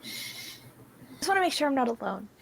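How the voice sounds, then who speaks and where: A woman's voice: high voice, very animated, unhurried, gravelly, a bit bright, slight background noise. A woman playing a tabletop game, talking casually and a little nervously and hesitantly. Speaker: player.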